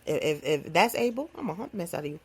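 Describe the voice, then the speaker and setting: A woman hosting her own podcast, talking in a playful, animated, casual comedic monologue with phrasing. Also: on the low side, fast, husky. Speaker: podcast host.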